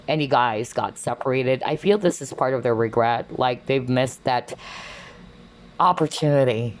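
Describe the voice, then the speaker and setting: Low-voiced woman giving a tarot reading. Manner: chatty, exclaims often, many fillers. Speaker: tarot reader. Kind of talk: collective tarot reading to camera.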